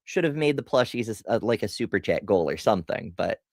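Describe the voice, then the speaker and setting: A woman's voice: very deep voice, expressive, fast, darkish tone, no echo, clean studio sound. A middle-aged woman streaming a casual question-and-answer session, rambling off on tangents and laughing at herself. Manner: rambling and tangential, self-deprecating; chatty with frequent laughs and restarts. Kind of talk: casual livestream Q&A.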